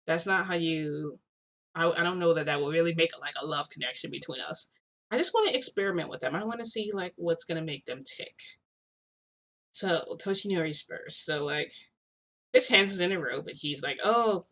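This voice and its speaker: Bright-voiced young woman rambling casually. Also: low-pitched, normal speed. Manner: rambling, heavy use of "like", frequent restarts. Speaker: vlogger. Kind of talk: casual storytelling.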